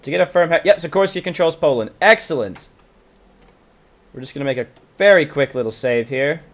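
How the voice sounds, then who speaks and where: A man's voice: a little high, a little fast. A man with a mixed British and American accent, hosting a let's-play recorded from a livestream. He reads in-game event text aloud and chats casually with his viewers. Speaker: gaming channel host.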